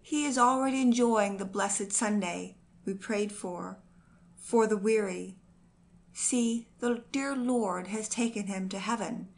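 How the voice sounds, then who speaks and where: A woman's voice: medium pitch, slow pace, creaky. A woman reading as a grieving devout mother. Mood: anguished.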